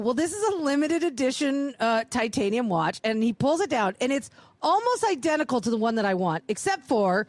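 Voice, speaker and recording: A woman co-hosting a live podcast show, telling a long story with lots of swearing and acting out each voice in the dialogue. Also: no echo. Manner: profane, acts out dialogue with big pitch jumps. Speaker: podcast co-host. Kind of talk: animated storytelling. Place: live show on a cruise ship.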